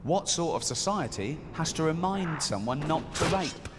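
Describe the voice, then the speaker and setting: A man's voice: on the high side, expressive, moderate pace, in a large hall, heavy background noise. A man performing a stand-up comedy routine, telling a story and acting out the voices of the people in it.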